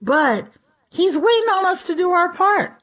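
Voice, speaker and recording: A woman's voice: extremely high pitch, lively intonation, a little slow, a bit bright. A woman giving a conversational Bible teaching, chatty and acting out everyday quotes. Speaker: preacher.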